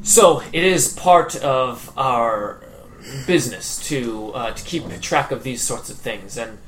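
A man doing a courteous, measured lore master. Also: mid-range voice, slight background noise, lightly acted. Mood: earnest. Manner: measured, hesitant speech with many pauses. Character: formal, courteous male lore master of an order.

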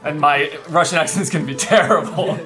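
A man's voice: fairly high pitch, fairly quick, over music. A man narrating a tabletop role-playing game as game master in a loose, hesitant way with many fillers.

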